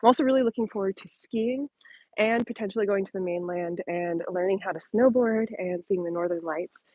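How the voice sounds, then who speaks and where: This woman has a warm, medium-pitched voice and talks fairly quickly during a casual live-stream Q&A on her phone, held at arm's length as she walks her dog on an outdoor trail. She's a bit out of breath, chatty, full of ums and likes, with light laughter. The audio is dull, with a little hiss or hum.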